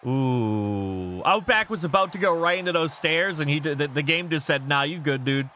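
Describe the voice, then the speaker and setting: A man streaming a wrestling game, chatting casually with viewers, rambling and reading chat aloud, with loud bursts as he reacts to the match. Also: fairly high pitch, animated, normal speed, a little hiss or hum.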